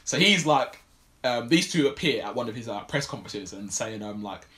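A man's voice: mid-range voice, expressive, normal speed, bright, forceful tone. A man casually recapping a film plot on a podcast, rambling with lots of fillers. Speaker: podcast co-host. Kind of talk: casual film review chat.

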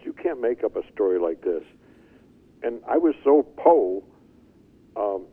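An older man telling his life story as an interview guest, animated and chuckling as he goes. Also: fairly low pitch, slightly rough. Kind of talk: storytelling testimony. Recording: tinny phone-like line.

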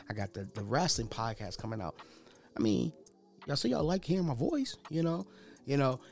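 A man's voice: mid-range voice, darkish tone. Rambling slangy podcast host man. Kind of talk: unscripted casual monologue.

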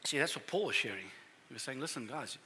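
A middle-aged man preaching a sermon as a pastor, telling family stories in a conversational, animated way. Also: mid-range voice, fast talker, a little hiss or hum.

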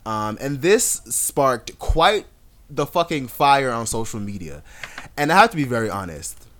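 A young adult man co-hosting a podcast, chatting casually with an animated, sassy storytelling style and frequent laughs. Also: medium pitch, measured pace. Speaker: podcast co-host. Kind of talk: casual chat.

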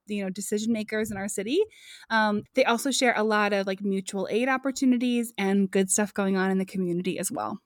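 A woman's voice: fairly high pitch, dry recording, studio quality. A woman co-hosting a podcast in casual chat, chatty, with many fillers and restarts and frequent laughs. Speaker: podcast co-host.

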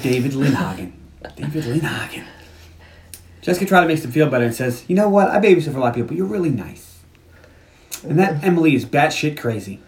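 A man's voice: fairly high pitch, lively intonation, fast talker. A man hosting a casual movie podcast, recapping scenes and acting out the characters' lines with laughter. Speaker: podcast host.

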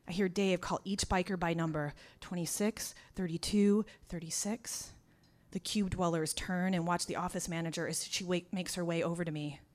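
A woman telling a personal story out loud, dry and wry, turning raw and intense as it goes. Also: lowish voice, fairly even intonation, moderate pace. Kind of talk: first-person spoken storytelling.

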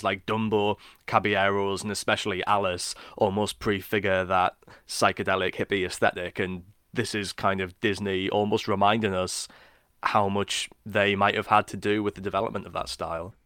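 Lower-voiced film buff. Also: male voice, level tone, moderate pace, a bit bright, dry recording, studio quality. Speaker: podcast co-host. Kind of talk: casual film discussion podcast.

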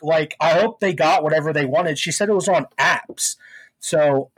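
Husky, profane man venting animatedly. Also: a little high, normal speed, a bit bright, no room sound. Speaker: podcast co-host. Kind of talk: casual chat.

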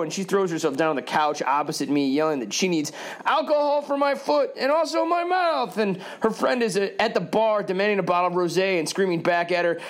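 A man from the United States telling a comic, profane anecdote in a wry monologue that builds toward shouting. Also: sits high. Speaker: storyteller.

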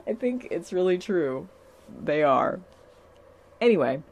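A woman's voice: fairly low pitch, big pitch swings, takes it slowly, darkish tone. A young woman talking casually and candidly about a TV show, swearing freely. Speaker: TV episode recapper. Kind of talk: casual chat.

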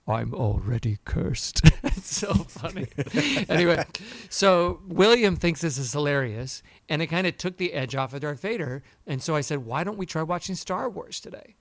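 A man co-hosting a podcast, telling a story in a lively way and acting out the people he quotes. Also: on the high side, moderate pace, no echo. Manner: animated storyteller, acts out quotes. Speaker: podcast co-host. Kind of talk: casual chat.

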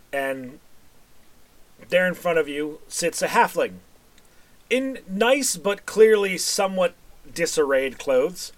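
Rambling male game master. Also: a little high. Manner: rambling, with frequent fillers and self-corrections. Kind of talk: narrating a tabletop game.

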